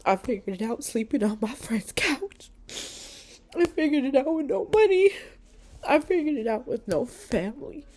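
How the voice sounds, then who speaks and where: A woman self-filming a heartfelt motivational talk, speaking earnestly and often dropping to a hushed near-whisper. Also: high-pitched, expressive, moderate pace. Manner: earnest, heartfelt, swears, calls viewers y'all and baby. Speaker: motivational vlogger. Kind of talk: casual motivational talk to camera. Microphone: self-filmed with a selfie light.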